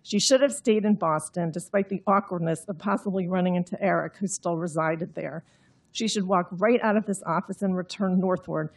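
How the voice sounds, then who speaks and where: A woman's voice: on the low side, moderate pace, slightly rough. A woman reading her own novel aloud in an understated, droll way, then explaining the story. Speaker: author.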